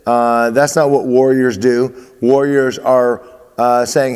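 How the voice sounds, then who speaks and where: A male baseball coach speaking emphatically to his athletes, driving each point home by repeating it. His voice sits at an ordinary middle pitch. The room adds a long, lingering reverb. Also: flat delivery, slow pace, a little mellow, clear, resonant tone. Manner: emphatic, repeats phrases, restarts.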